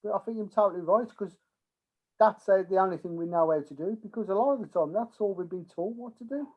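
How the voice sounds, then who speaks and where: A man's voice: high-pitched, fast talker. A man, a scaffolder, chatting candidly as a guest and laughing between phrases. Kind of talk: casual chat. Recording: tinny phone-like sound.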